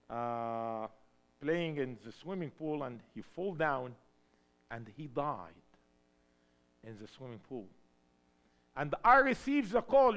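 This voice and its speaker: A man preaching a sermon in English, which is not his first language, swinging between loud emphatic cries and hushed storytelling. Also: a little high. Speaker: pastor.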